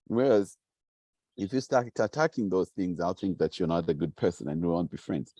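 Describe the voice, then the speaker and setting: Male speaker with a low, mellow voice for a motivational lesson who stresses key phrases. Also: expressive, brisk, no room sound. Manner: emphatic, repeats key phrases, acts out quoted voices. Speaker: founder giving a teaching. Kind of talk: motivational teaching talk.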